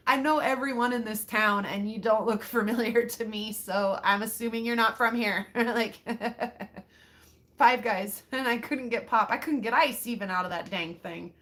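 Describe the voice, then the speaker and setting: A woman's voice: on the high side, moderate pace, a bit bright. A woman from Montana hosting a casual chat with her viewers, laughing a lot and saying "like" and "seriously" often. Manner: chatty, says "like" and "seriously" a lot. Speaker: rockhound channel host.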